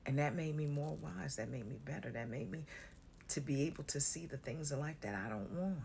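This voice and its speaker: A woman's voice: low-pitched, a little fast, creaky, darkish tone, slight background noise. A woman giving a casual spiritual talk to her viewers, blunt and sassy, swearing freely and calling listeners honey and baby. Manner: drawls terms like honey and baby. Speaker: spiritual content creator.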